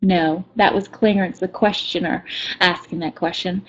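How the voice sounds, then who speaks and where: A woman presenting a reading lesson for kindergartners, talking quickly with many fillers and restarts. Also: fairly low pitch, steady tone, lo-fi sound. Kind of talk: lesson demonstration and read-aloud.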